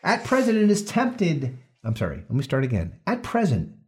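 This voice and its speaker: A man hosts a casual podcast, talking through a study in a loose, joking way. His pitch swings widely up and down. He often stops mid-sentence to restart or correct himself. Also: wildly swooping pitch, moderate pace. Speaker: podcast host.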